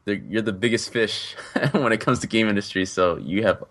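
Low-voiced laughing podcast co-host. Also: male voice, normal speed, fairly bright tone. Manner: laughs often, rambling filler-heavy questions. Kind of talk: casual podcast chat.

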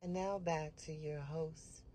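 A woman reading a scripted show intro in a measured, promotional way. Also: low-pitched, steady tone, dark tone, slight background noise. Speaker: show announcer.

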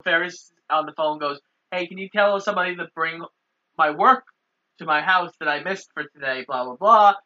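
A man with a bright, forceful voice steadily narrates a film's plot in a relaxed chat. He quotes the characters' lines as he goes. The sound is dull and lo-fi. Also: fairly high pitch, normal speed. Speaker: podcast co-host.

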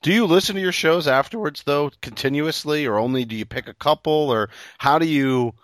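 A man's voice: fairly high pitch, a little fast, fairly bright tone, no echo, studio quality. Reflective man asking long questions. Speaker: podcast interviewer. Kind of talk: casual podcast interview. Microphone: remote call.

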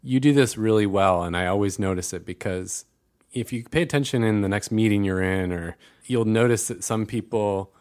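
A man co-hosting a podcast, talking in a relaxed, reflective way and chuckling now and then. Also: on the low side, moderate pace. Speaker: podcast co-host. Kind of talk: conversational podcast chat.

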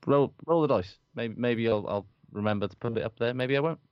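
A man's voice: mid-range voice, fairly quick, smooth, no echo, muffled recording. A man co-hosting a rugby podcast in casual chat, with a dry, wry, understated manner. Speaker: podcast co-host.

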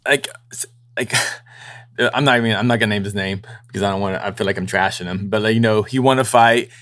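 A man's voice: fairly low pitch, quick pace, a bit bright, no room sound. A young man who works as a combat sports journalist, chatting casually on a podcast, rambling with lots of restarts and the odd mocking impression.

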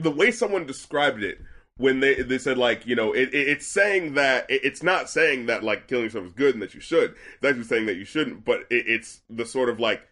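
A young man co-hosting an album review podcast, talking in animated casual chat with lots of fillers, restarts and swearing. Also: mid-range voice.

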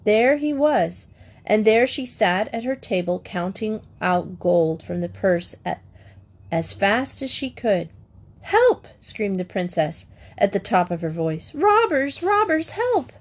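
A woman reads a classic fairy tale aloud with a calm, measured storytelling delivery. Her voice sits at an ordinary middle pitch, and she lets the phrasing carry the story with gentle expression. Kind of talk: storybook reading of fairy tales.

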